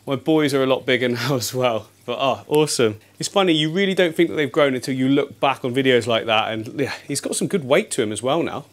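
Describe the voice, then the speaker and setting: A man hosting a fishkeeping vlog from his home tank studio, chatting eagerly to camera with frequent laughs, his voice deeper from the early morning. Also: a little fast, hardly any pauses. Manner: chatty and enthusiastic, laughs often. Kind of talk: casual chat to camera.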